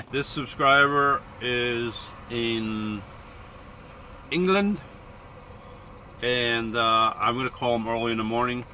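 A man's voice: on the low side, bright, forceful tone, a little hiss or hum. Chatty man vlogging from his van. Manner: chatty, rambling, self-correcting. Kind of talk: casual vlog chat. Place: inside a parked van.

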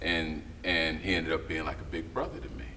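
A man's voice: extremely low pitch, brisk. A middle-aged man, a writer and director, telling stories as a guest in a casual interview and acting out the voices of people he quotes. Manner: animated storyteller who acts out quoted voices. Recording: slightly distant mic with faint background noise.

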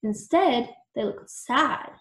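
A woman reading a children's book aloud with expressive storybook narration. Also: on the high side, slow pace, roomy sound. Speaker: storytime reader.

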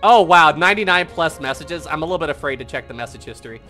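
High, bright-voiced man streaming a game. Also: animated, quick pace, faint music behind. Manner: playful, laughing, theatrical. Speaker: streamer and host. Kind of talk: live game stream commentary.

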